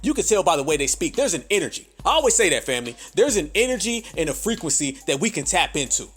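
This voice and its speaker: High-pitched man ranting profanely. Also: big pitch swings, fast, a bit bright, husky, faint music behind. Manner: profane, emphatic, addresses listeners as family. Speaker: podcast host. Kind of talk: ranting commentary.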